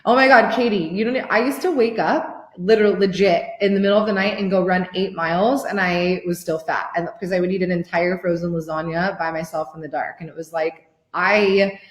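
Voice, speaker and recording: A woman in her thirties, a life coach giving a motivational workshop pitch, gushing and excitable and swearing freely. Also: a little fast, few pauses, echoey room. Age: 30s.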